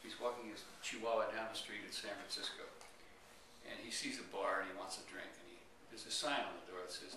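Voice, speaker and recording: A man telling a long joke at a club meeting in an animated, chuckling way. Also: lowish voice, a little fast, long pauses. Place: meeting room indoors. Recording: echoey room from far off, noisy.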